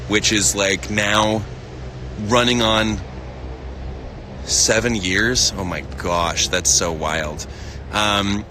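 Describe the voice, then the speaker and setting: A man's voice: lowish voice, sharp tone, a little hiss or hum. A young man hosting a casual live stream outdoors in a field, reading out chat messages with lots of giggles and filler words. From United States. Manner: chatty and giggly, many fillers and restarts. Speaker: livestream host reading chat.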